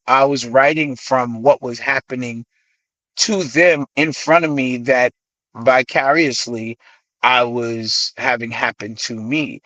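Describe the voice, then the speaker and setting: A middle-aged man from the Bronx with a New York accent tells his stories as a guest in a dry, close-miked studio. His pitch sits in the middle, and he slips into the voices of the people he quotes. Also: dry recording, dull audio. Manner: animated storyteller who acts out quoted voices. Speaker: guest, hip-hop artist. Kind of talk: radio interview storytelling.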